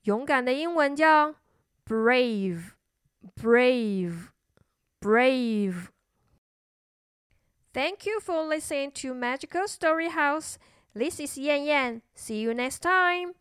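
A woman narrating a children's story in a slow sing-song manner. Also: sits high, a bit bright, dry recording, studio quality.

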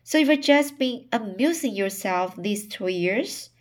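A woman's voice: medium pitch, lively intonation, slow. A stiff bitter young suitor, read by a woman. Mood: stunned. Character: young man, a proud rejected suitor.

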